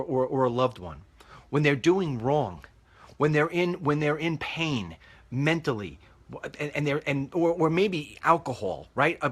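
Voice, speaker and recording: A middle-aged man walks outdoors while hosting a talk show, hammering his points and preaching as he repeats himself. He has a medium-pitched, fairly bright voice with a breathy edge.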